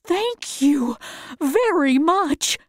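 A woman voicing a gentle, simple-minded male scarecrow in a storybook reading, speaking slowly and carefully. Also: high voice, animated, no echo, clean studio sound, pitched above the performer's own voice, full character voice. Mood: earnest.

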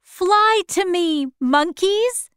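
A woman doing a high earnest young girl. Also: expressive, slow, dry recording, studio quality.

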